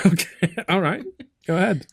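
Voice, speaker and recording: A man's voice: high voice, moderate pace, vocal fry, a bit bright, slightly rough, dry recording. Rambling English man, dry close sound. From England. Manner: rambling, lots of "like" and restarts. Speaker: podcast host. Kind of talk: casual chat.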